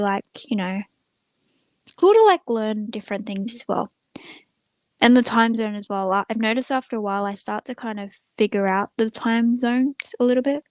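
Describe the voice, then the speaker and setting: A woman's voice: medium pitch, dry recording. Rambly woman live-streaming from home. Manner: rambling, many filler words, chatting to viewers. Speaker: small channel live streamer. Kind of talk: casual live stream chat. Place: room at home with the door closed.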